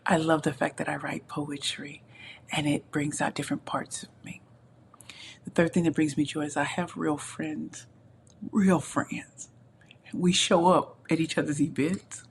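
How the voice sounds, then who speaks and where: A woman's voice: low voice, level tone, moderate pace. Passionate woman interview guest, emphatic, drops to near-whisper, home computer mic, faint noise behind. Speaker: guest, entrepreneur and pitch champion. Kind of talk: podcast interview. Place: home with a balcony, city view.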